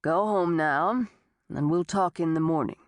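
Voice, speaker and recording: A skeptical small-town sheriff, voiced by a woman lowering her tone, measured and dismissive. He speaks slowly and deliberately, close and dry. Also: no room sound.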